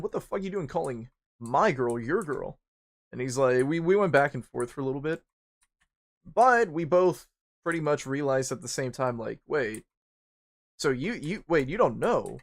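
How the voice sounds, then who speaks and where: A young man streaming a game, rambling through a personal story in casual chat, swearing freely and jumping into high squeaky bursts when he acts out panic. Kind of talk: casual storytelling while gaming.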